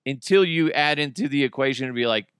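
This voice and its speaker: A man's voice: mid-range voice, fast talker, fairly bright tone, clean tone, no room sound, clean studio sound. A man hosting a podcast, delivering a crude, sarcastic comedic monologue and laughing often. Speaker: podcast host.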